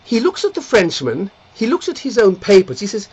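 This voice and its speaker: A man telling jokes in an animated way and breaking into song. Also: high voice, fairly quick, hardly any pauses, slightly rough. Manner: animated storyteller, slips into voices and song. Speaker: comedic commentator and singer. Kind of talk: joke-telling with songs. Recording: dull lo-fi with faint guitar.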